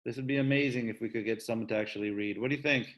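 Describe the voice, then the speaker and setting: A man's voice: mid-range voice, fairly even intonation, very fast, fairly bright tone. A man teaching an online class over a video call, coaxing his students to read aloud in an upbeat way.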